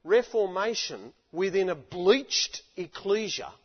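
Slow and expressive, with a breathy edge to his high voice, a male preacher makes repeated rhetorical appeals in an impassioned sermon at a stage mic. Long hall reverb fills the dull, lo-fi recording.

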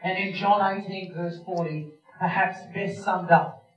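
A man's voice: high voice, steady tone, a little slow. A man preaching a sermon, retelling a scene vividly and speaking straight to his listeners. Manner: vivid storytelling, addresses listeners directly. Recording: roomy, distant, dull sound with faint music.

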